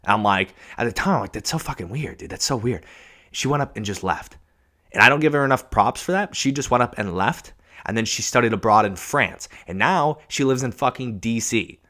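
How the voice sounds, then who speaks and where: A young man from Washington state talking through a casual solo podcast monologue, rambling, halting and swearing freely, with "dude" in every other line. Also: mid-range voice, expressive, bright, forceful tone. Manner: rambling and halting, many restarts. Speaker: podcast host.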